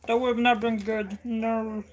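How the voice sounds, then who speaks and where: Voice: medium pitch, flat delivery, measured pace, background noise. A young adult live streamer chatting casually, rambling and correcting themself often, with frequent swearing. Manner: rambling, self-correcting, profane.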